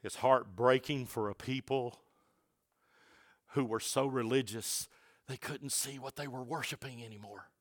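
A middle-aged male pastor preaching a sermon, swinging between shouted passages and hushed low asides, with playful jokes for the congregation. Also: moderate pace.

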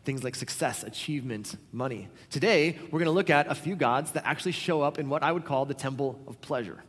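A male pastor delivers a sermon in a high, light voice. He keeps it conversational and animated, slipping into the voices of the people in his stories. His words carry a long reverb, as if spoken in a large church auditorium. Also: fairly quick, slightly rough.

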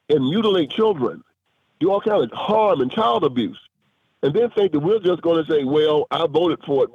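A husky male voice comes through a narrow, tinny phone line with no room sound at all. He builds emphatically, climbing in pitch as he presses his points. Between these surges come halting fillers. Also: dry recording. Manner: emphatic, rising into preacher-like force. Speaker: guest, author and filmmaker. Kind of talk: interview over a phone line.

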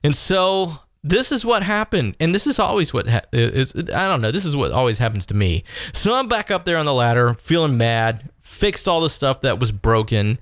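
A man in his thirties hosting a podcast, telling a self-deprecating story in a casual, animated way. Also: on the high side, moderate pace, few pauses, no echo, studio quality. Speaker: podcast host.

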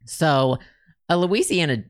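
A man's voice: on the high side, animated, slow, smooth, dry recording, studio quality. A man hosting a casual podcast, chatting and reading facts aloud with lots of ums. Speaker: podcast host. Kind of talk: casual chat.

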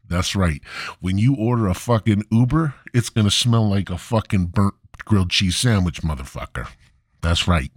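A man's voice: lowish voice, lively intonation, moderate pace, no echo, studio quality. A man hosting a comedy podcast, delivering a profane, rambling, mock-indignant rant. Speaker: podcast host.

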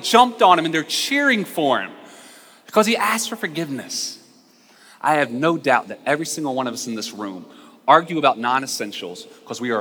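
Bright-voiced male preacher in a hall. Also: a little high. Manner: storytelling, acts out voices in anecdotes. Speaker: pastor. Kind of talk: sermon. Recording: long hall reverb.

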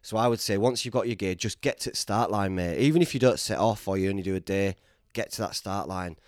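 Hosting his podcast in a fairly low voice at a quick pace, a British man keeps the conversation casual and bantering. He drops "mate" frequently, and the studio-quality sound has no echo.

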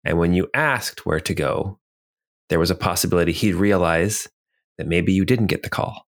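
A man narrating as game master of a tabletop role-playing game, relaxed, with filler ums. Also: low voice, normal speed.

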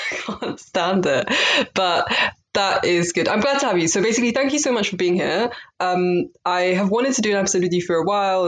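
Woman podcast host, kinda low voice, rambly thoughtful chat, lots of ums. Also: slight background noise. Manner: thoughtful, searching, many fillers and restarts. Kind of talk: conversational podcast interview.

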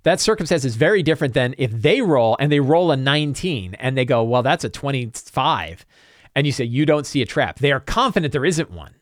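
A man hosting a talk show, chatting casually and answering viewer questions in a rambling, animated way. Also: mid-range voice, a little fast, no room sound, clean studio sound. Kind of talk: casual chat.

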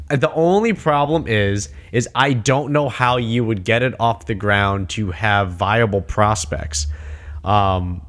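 A man in casual chat who talks excitedly, swears freely, and acts out imagined conversations. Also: on the low side.

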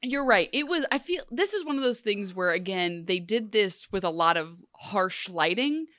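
A woman's voice: mid-range voice, moderate pace, dry recording, studio quality. A woman co-hosting a podcast, casual and joking, telling a story with lots of asides. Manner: chatty, joking, animated storytelling. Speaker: podcast co-host. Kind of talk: casual chat.

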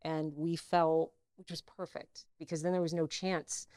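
A middle-aged actress, a guest in a casual interview, telling personal stories and acting out what others said. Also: female voice, deep voice, a little slow, no room sound, clean studio sound. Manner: animated, acts out quoted dialogue.

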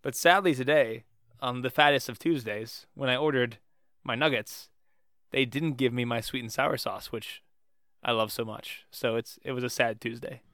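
A man's voice: mid-range voice, normal speed, a bit bright, no echo, clean studio sound. A man who is a priest, co-hosting a casual podcast, telling stories with enthusiasm.

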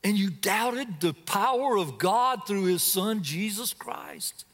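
A man's voice: high-pitched, lively intonation, slow pace, fairly bright tone, big-room sound. A man preaching a sermon as a guest preacher, telling a scripture story dramatically and asking his listeners direct questions. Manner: asks the congregation direct questions.

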